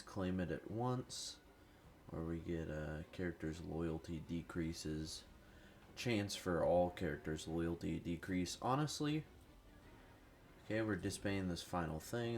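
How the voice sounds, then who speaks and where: Low-voiced sick man rambling over gameplay. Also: darkish tone, a little hiss or hum. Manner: rambling, profane, self-deprecating. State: sick with a cold. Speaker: gaming youtuber. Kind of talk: casual gameplay commentary.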